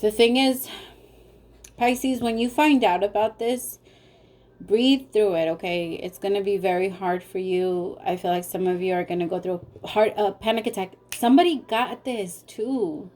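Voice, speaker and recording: Woman tarot reader, mellow warm tone, emotional and direct with viewers. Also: mid-range voice, fairly even intonation, moderate pace. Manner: emotional, talks straight to viewers. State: tearful. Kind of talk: casual spoken tarot reading.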